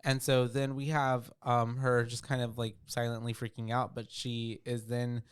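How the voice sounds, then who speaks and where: A man's voice: medium pitch, completely flat delivery, moderate pace, clean tone, dry recording. A man co-hosting a podcast, recapping a film in rambling casual chat with lots of fillers and swearing. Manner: rambling, profane, with many fillers. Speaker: podcast co-host.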